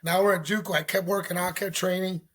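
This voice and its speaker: A man recounts a story as a podcast guest, animated and full of slang. His voice sits a bit high for a man and has a husky edge. He acts out what others said as he goes. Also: fast talker. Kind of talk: casual storytelling.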